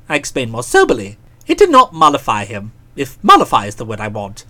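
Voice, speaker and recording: A woman's voice: mid-range voice, very animated, a little fast, pushed and bright. A woman narrating a comic novel aloud in a dry, wry storytelling manner. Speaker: audiobook narrator.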